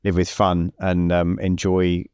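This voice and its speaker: A man in middle age speaks in a low, steady voice, recorded close and dry with no room around him. He tells stories as a guest coach, voicing the other people in them and circling back to restart his thoughts. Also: a little slow, clean tone, no room sound. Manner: animated storyteller who acts out quoted dialogue, frequent restarts. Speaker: business coach, podcast guest. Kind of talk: conversational storytelling interview.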